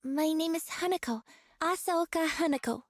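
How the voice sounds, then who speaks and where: A woman's voice: very high voice, moderate pace, no room sound, clean studio sound. A woman voicing a young flower shop owner in a game, hesitant and stammering.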